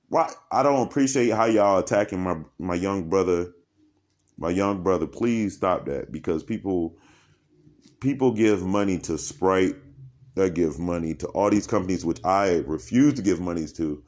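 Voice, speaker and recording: A man vlogging alone in a dark room by candlelight, rambling from topic to topic and laughing as he talks. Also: low-pitched, unhurried. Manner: animated, laughing, jumps between topics. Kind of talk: rambling stream-of-consciousness monologue.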